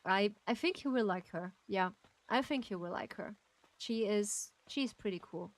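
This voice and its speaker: A woman's voice: medium pitch, moderate pace, no room sound, poor audio. A woman streaming a game, chatting casually and gushing with frequent giggles as she thanks her chat. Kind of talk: casual live-stream chat while gaming.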